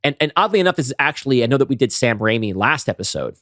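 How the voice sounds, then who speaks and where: A man's voice: mid-range voice, very animated, very fast, fairly bright tone, dry recording, studio quality. A man co-hosting a podcast, talking through ideas in long, analytical runs. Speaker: podcast co-host. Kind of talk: casual chat.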